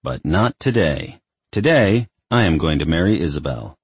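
A man's voice: deep voice, expressive, moderate pace, husky, no room sound, exaggerated voice. A man voicing a defiant, sarcastic young man who is the devil's son.

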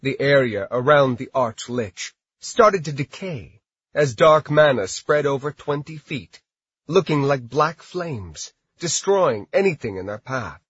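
A man narrating a fantasy story as an audiobook, in a steady, measured way. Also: mid-range voice, breathy edge, no room sound. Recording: dry, slightly dull recording.

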